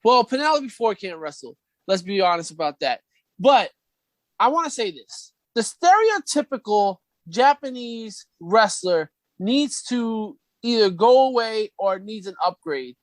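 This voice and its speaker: A woman's voice: medium pitch, sing-song, unhurried, no room sound. A woman co-hosting a podcast in casual chat, choosing her words with care. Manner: careful, searching for words. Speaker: podcast co-host.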